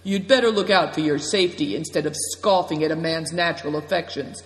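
A man's voice: fairly high pitch, a little fast, lightly acted. A man voicing a shrewd, cautious male guide who speaks in firm warnings. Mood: pressing. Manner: warning, pressing. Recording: long reverb.

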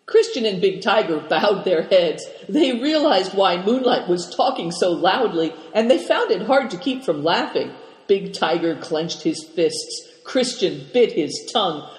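A man narrates an adventure story at an even, steady storybook pace. His voice sits fairly high and carries a long ring from the room around him. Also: a little slow. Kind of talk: scripted narration. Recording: echoey room.

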